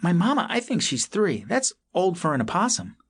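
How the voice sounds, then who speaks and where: A small, timid young opossum from a children's storybook, as a male narrator puts him on, speaking high and earnest with a lively lilt and a husky edge. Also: moderate pace, exaggerated voice. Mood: curious.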